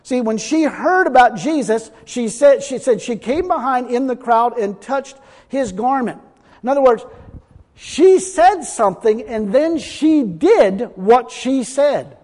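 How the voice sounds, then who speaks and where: A man's voice: very high voice, animated, a little slow, a little mellow. A man preaching a sermon, emphatic, reading scripture aloud and acting out what people say. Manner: emphatic, reads scripture aloud, acts out quotes. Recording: long hall reverb.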